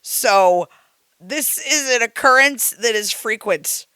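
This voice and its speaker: A woman's voice: on the high side, expressive, takes it slowly, sharp tone, clean tone, dry recording, studio quality. A young woman co-hosting a podcast, teasing her partner in casual chat, laughing often and mimicking him. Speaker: podcast co-host.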